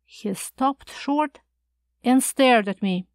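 A woman reading a classic short story aloud as an audiobook narrator, in a measured storytelling manner. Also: a little high, expressive, no room sound, clean studio sound. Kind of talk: scripted narration.

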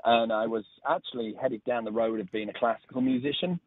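A man's voice: mid-range voice, fairly quick, dry recording. A middle-aged man with a northern English accent from Leeds, telling stories as a radio interview guest. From England. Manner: relaxed storytelling with restarts. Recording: phone line.

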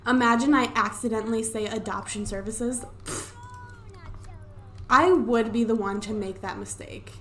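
A young woman with a slightly high voice chats her way through a life-sim game, excitable and quick to swear. She talks into a desktop microphone at home, with faint keyboard tapping behind her. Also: a little hiss or hum. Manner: chatty, excitable, swears casually. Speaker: let's play gamer. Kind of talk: casual gameplay commentary. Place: home room. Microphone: desktop USB microphone.

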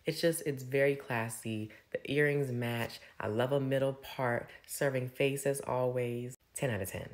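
Young guy gushing over red carpet looks, super chatty, says like a lot, middle-pitched voice. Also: steady tone, measured pace, hardly any pauses. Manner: gushing, chatty, heavy use of "like". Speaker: fashion commentator. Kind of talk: casual red carpet recap commentary.

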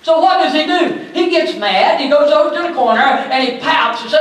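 A man pastor preaching a sermon in a church, building to loud emphatic bursts. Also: very high voice, lively intonation, a little fast, few pauses. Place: church sanctuary. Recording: very echoey church from far off.

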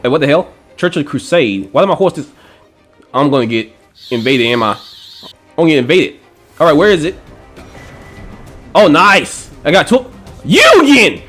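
A man giving excitable gameplay commentary, swearing and trash-talking enemies with frequent panicked outbursts. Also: fairly high pitch, normal speed, long pauses, faint music behind. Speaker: gaming channel host.

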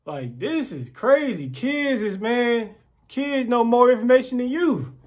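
A man's voice, extremely high in pitch and a little slow, carries a casual rant to the camera. He brings his stories to life by acting out quoted voices and repeating words.

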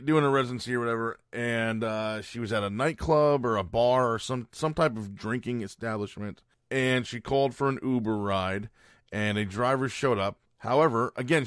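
A man's voice: medium pitch, a bit bright, dry recording, studio quality. A man hosting a podcast, telling a story as a casual rant in a blunt, profane and exasperated way. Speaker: podcast host.

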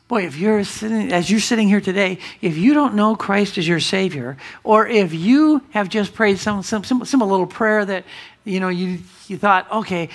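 A male pastor delivers a sermon in a church. He preaches emphatically, rising to loud declarations and dropping to hushed asides. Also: sits high, normal speed. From United States. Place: church sanctuary.

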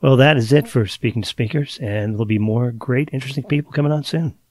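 A man's voice: medium pitch, fast, a little mellow. A man hosting a podcast interview, easygoing, with short prompts and a friendly sign-off. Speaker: podcast host. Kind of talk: casual interview.

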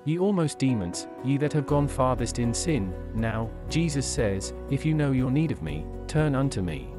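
A man reading a sermon aloud in an earnest, dramatic, deliberate manner. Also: medium pitch, lively intonation, over music. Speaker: sermon reader.

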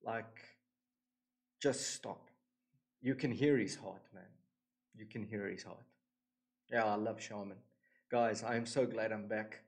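A man hosting a reaction video, talking in an earnest, emotional and devout way with many pauses, recorded in a new home studio. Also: lowish voice, fairly even intonation, low-quality recording. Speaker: reaction channel host. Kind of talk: casual reaction commentary.

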